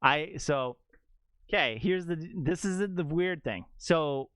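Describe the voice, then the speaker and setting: Rambling young male streamer, smooth voice. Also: on the high side, unhurried. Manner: rambling, animated, heavy use of "like". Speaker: game streamer. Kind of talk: casual storytelling chat to stream viewers.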